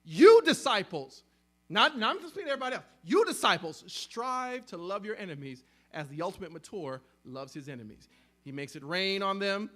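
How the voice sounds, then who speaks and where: A pastor preaches a sermon in a very high, bright, sharp voice, speaking briskly with lively intonation. His delivery is emphatic, swinging between loud stressed words and near-hushed drops, and he often repeats himself and restarts phrases mid-thought.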